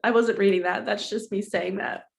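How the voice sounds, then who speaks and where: A woman's voice: mid-range voice, steady tone, normal speed, vocal fry, slight background noise. Tearful, chatty woman hosting a card-reading vlog. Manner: chatty and heartfelt, speaking straight to viewers. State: emotional and tearful. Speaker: spiritual coach and host.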